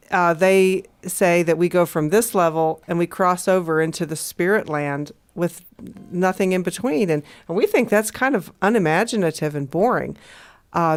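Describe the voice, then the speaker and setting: An American woman co-hosting a conversational discussion, thinking aloud with frequent restarts and fillers. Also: lowish voice. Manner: thoughtful, halting, with many restarts and fillers. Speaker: co-host.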